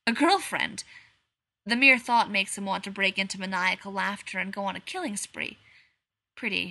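A woman narrating a dark piece of fan fiction, measured and slowing on the grim lines. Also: mid-range voice, creaky. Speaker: reader.

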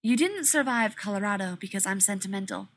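A woman's voice: mid-range voice, expressive, fairly quick, close to an everyday voice. A woman reading a brusque, impatient scientist. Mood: cold, commanding. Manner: curt and demanding.

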